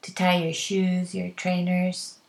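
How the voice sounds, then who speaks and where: A woman, teaching by saying classroom phrases slowly and clearly, one at a time. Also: on the low side, monotone, darkish tone. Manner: slow, clear, deliberate delivery, phrase by phrase. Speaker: English teacher. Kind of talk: slow modeled classroom phrases for learners.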